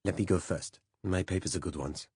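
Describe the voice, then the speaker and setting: A man voicing a grim, cautious German ally who speaks in hushed tones. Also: sits low, fairly even intonation, brisk, slightly rough, dry recording, clean studio sound. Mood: tense. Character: grim, cautious male German contact, whispering.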